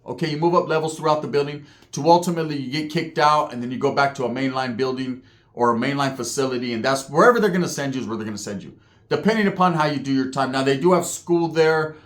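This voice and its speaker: A man's voice: medium pitch, quick pace, fairly bright tone. A man telling a story in a casual, streetwise, profane way, often checking in with "right?".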